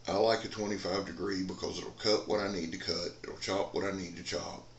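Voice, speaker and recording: A man's voice: low voice, steady tone, fairly quick, roomy sound, a little hiss or hum. A man, rambling in a folksy casual chat as a knife reviewer in a dim room. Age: 40s.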